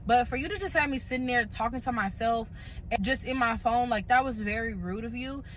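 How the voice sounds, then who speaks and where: A woman's voice: a little high, fairly quick, slight background noise, poor audio. A woman telling a casual storytime in a blunt, profane, conversational way.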